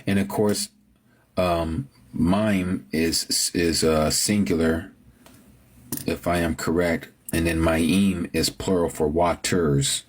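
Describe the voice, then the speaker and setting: Low husky-voiced man hosting a livestream. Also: fairly even intonation, slow pace. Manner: muses over word pronunciations, answers viewers. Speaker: livestream host. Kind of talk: casual live-chat talk with scripture reading.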